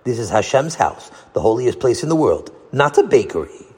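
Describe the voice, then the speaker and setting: A man as a warm, patient rabbi teaching boys. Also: medium pitch, big pitch swings, moderate pace, husky, long reverb tail. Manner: gentle, teacherly questions.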